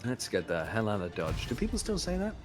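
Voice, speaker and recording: A British man with a lowish voice and huge pitch swings talks a little fast as a guest streamer in a co-op game. It's casual gaming chat, full of jokes and rambling asides, with game music in the background.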